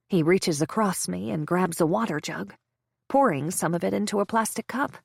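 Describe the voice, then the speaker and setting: A woman reads a first-person story aloud in measured, tense narration. Her mid-pitched voice carries a gravelly fry, recorded dry and close. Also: animated, dry recording.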